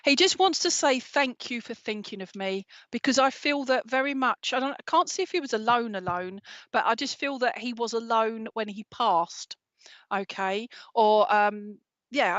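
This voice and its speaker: A woman's voice: fairly high pitch, moderate pace, a bit bright, no echo. A woman giving a live mediumship reading from home, talking in a chatty way and checking in with "all right?" after nearly every phrase. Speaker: psychic medium. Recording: dull lo-fi stream audio.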